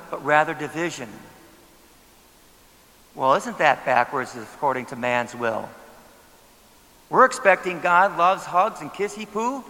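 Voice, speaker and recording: High bright-voiced pastor in a reverberant hall. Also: male voice, vocal fry. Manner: conversational, asks the congregation rhetorical questions. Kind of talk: sermon.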